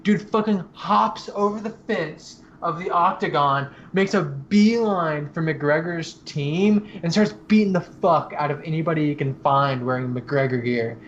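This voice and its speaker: Casual podcast co-host, male, higher voice, profane and animated, slightly muffled recording with faint hiss. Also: a little slow, hardly any pauses. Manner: swears a lot, animated retelling. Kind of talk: casual chat.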